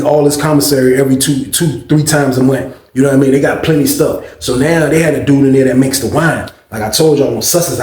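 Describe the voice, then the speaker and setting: A man's voice: medium pitch, a little mellow, echoey room. A man telling a storytime tale as a channel host, in loose, slang-heavy talk full of fillers. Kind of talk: casual storytime.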